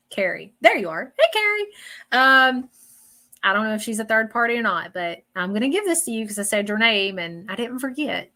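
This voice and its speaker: A woman gives a live psychic reading in a blunt, chatty manner. She keeps checking in with her listeners, and her voice sits at an ordinary middle pitch. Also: animated, moderate pace, bright, forceful tone. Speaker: psychic medium.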